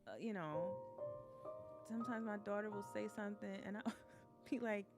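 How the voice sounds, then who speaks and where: A mother hosting a casual conversation, quick to laugh and telling stories. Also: mid-range voice, a little mellow, soft background music. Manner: laughs easily, tells stories acting out her child's voice.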